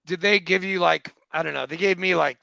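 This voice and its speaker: High, gravelly, joking male host. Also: brisk, no room sound, muffled recording. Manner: joking, excitable, teasing. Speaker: podcast host. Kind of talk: casual interview chat.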